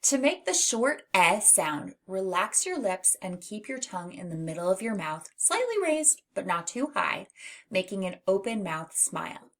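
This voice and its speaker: A woman teaching a phonics lesson to young children, speaking clearly and encouragingly and drawing out each sound. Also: mid-range voice, big pitch swings. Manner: warm, encouraging, drawn-out sounds. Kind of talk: slow, clear early-reading lesson for children.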